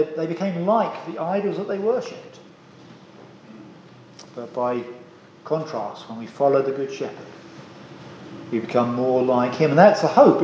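A man's voice: fairly high pitch, a little mellow, echoey room, slight background noise, poor audio. A man preaching a sermon, earnest and emphatic, asking the congregation rhetorical questions and repeating key phrases. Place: church.

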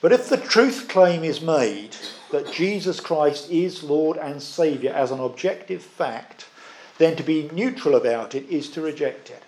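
A man preaching a sermon, earnest and emphatic, with measured pauses. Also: fairly high pitch, expressive, a little mellow, slight background noise.

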